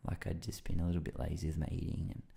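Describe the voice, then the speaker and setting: This man's low-pitched, fry-heavy voice races along. A podcast guest and lively storyteller, he rambles casually through his tales with lots of fillers, acting out how he reacted.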